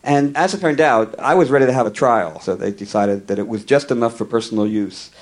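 A male comedian telling a long comic story in a wry, conversational way, with deadpan asides. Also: mid-range voice, brisk.

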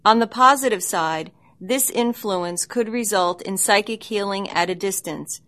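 A woman narrates a documentary in a calm, explanatory tone. Her reading is scripted and even, laying out each point plainly. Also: medium pitch, a little slow.

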